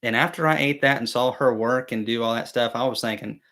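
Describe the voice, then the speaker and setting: A man's voice: mid-range voice, a little fast, hardly any pauses, fairly bright tone. A young man hosting a casual beekeeping live chat, telling rambling, self-deprecating stories with many fillers and restarts. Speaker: beekeeping channel host.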